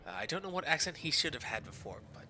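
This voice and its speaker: Bright-voiced man streamer reading a game. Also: on the high side, big pitch swings, fast talker, a little hiss or hum. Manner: casual, chuckling asides, slight stumbles. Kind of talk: reading a video game aloud. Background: faint background music.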